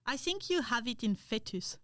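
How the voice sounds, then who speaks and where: A woman's voice: on the high side, lively intonation, moderate pace, a bit bright, no echo, studio quality. A woman from France with a French accent, a tattoo artist guest in casual chat, hesitant and searching for words with many ums.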